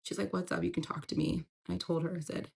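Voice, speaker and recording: Low-voiced woman telling a personal story. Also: little pitch movement, quick pace, creaky, darkish tone, slightly rough. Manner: candid, breaks into tearful emotion at hard moments. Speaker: storyteller recounting a breakup.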